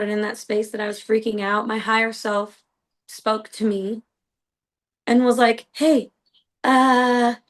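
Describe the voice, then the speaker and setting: Her fairly high voice comes through a rough recording as she hosts her podcast. She tells a personal story casually and earnestly, wandering along with plenty of "like" and "you know."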